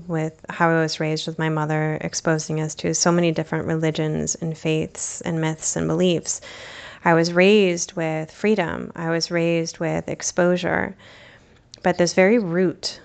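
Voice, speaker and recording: A young woman from the United States tells a personal story on her podcast, her voice sitting low with a noticeable gravelly fry. She speaks candidly and reflectively, with casual fillers along the way. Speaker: podcast host.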